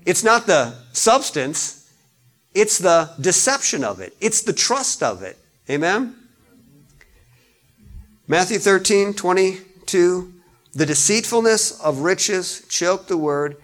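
A male pastor preaching a sermon, chatting with his congregation and rising loud when he reads scripture. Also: high voice. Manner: conversational preaching, rises loud on scripture readings.

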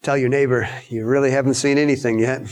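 A man preaching a sermon in a storytelling way, acting out the lines of the people in his story with sudden high shouts. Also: little pitch movement, moderate pace.

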